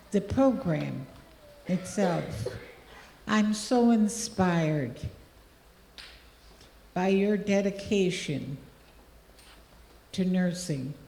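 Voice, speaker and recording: Slow, gracious older woman in a hall. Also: medium pitch, vocal fry, mellow. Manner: very slow, deliberate, gracious delivery. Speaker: honored guest speaker. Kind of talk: formal ceremony speech. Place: large hall. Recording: echoey hall with long reverb.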